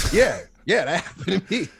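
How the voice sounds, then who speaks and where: A man in his thirties, a guest in an interview, telling a personal story in an intense, emphatic way with quick bursts. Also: high voice, very animated, creaky, fairly bright tone, breathy edge.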